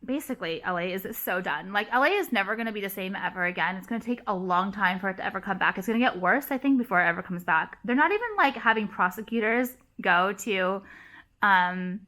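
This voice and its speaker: Bright-voiced woman ranting heatedly. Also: medium pitch, animated, fast. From Los Angeles area. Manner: heated, profane, emphatic ranting. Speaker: vlogger. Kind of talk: casual rant to camera.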